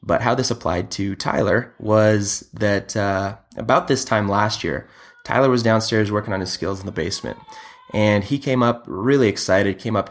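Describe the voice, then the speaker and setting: A man's voice: lowish voice, normal speed. A man who is a father and youth hockey coach, telling a story in an earnest, conversational way.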